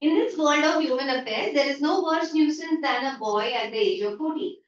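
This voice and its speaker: A woman's voice: high voice, brisk. A woman teacher with an Indian English accent, explaining a story in an online class by paraphrasing lines and acting out everyday remarks. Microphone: video call. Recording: echoey, distant, dull online-call audio.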